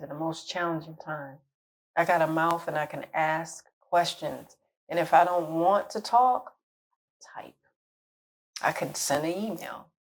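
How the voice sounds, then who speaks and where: A middle-aged woman talks straight to her viewers as a relationship coach. Her voice sits a little low, and she speaks frankly and casually, chuckling at her own remarks now and then. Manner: candid, conversational, laughs at her own jokes. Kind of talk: casual advice talk to camera.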